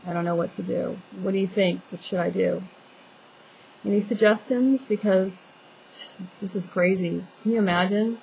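A woman's voice: mid-range voice, fairly even intonation, normal speed, vocal fry, darkish tone, a little hiss or hum, poor audio. Exasperated rambling woman venting. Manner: exasperated, rambling, many restarts. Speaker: homeowner venting to viewers. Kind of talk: casual vlog rant.

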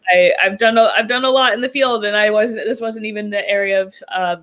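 A young woman from New York talks as a guest on a podcast in a loose, chatty way. Her voice is bright and forward, and her sentences are full of fillers and small laughs. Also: medium pitch, fairly even intonation, brisk. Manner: chatty, laughs often, many ums and likes. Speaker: podcast guest, political commentator. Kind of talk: casual interview chat.

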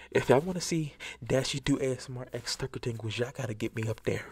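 Breathy man in a chaotic whispered ASMR ramble. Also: medium pitch, normal speed. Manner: chaotic, jokey, rambling, drifting between whispers and talk. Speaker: ASMR creator. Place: at home, sitting before a camera. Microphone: ASMR microphone, close.

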